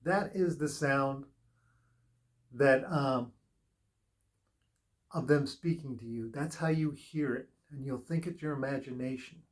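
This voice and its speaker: A man giving a casual spiritual tarot reading, talking slowly with many pauses and fillers. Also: medium pitch. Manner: slow, unhurried, with pauses and fillers. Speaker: tarot reader.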